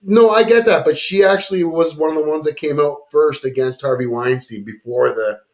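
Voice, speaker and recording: A man's voice: a little high, brisk. A man hosting a casual chat show, joking around and reading sponsor plugs. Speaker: talk show host.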